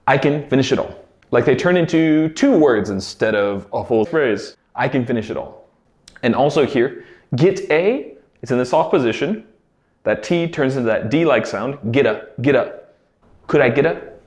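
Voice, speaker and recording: Lively-voiced man teaching English phrases. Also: mid-range voice. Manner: clear, deliberate explaining, slows down to model phrases. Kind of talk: English pronunciation lesson. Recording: roomy echo.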